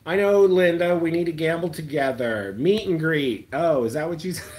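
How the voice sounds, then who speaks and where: On his slot-machine YouTube live chat, a man responds casually to viewers in a slightly high, darkish voice at normal speed, rambling with ums as his sentences drift off into mumbling.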